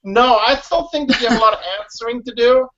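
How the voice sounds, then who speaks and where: A man's voice: very high voice, fast, pushed and bright. A man, a guest in a casual interview, talking emphatically and often saying "listen" and "you know what I mean.". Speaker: guest, former reality show contestant. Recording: dull lo-fi recording.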